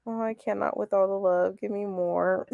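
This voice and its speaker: Chatty woman with gravelly fry. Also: mid-range voice, steady tone, moderate pace, no room sound, phone-quality sound. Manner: chatty, laughs often, reads chat comments aloud. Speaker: host. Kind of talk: casual livestream chat.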